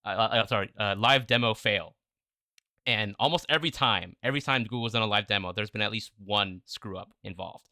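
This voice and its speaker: Man, podcast co-host, lowish pitch, bright edge, dry close sound, enthusiastic questions. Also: fast talker, hardly any pauses, no echo. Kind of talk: casual tech podcast chat.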